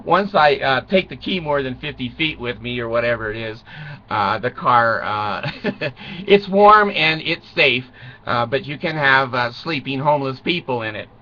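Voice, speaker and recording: A man's voice: medium pitch, animated, normal speed. An older man telling rambling, self-mocking comic stories, swearing and chuckling, on a dull lo-fi recording. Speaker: vlogger.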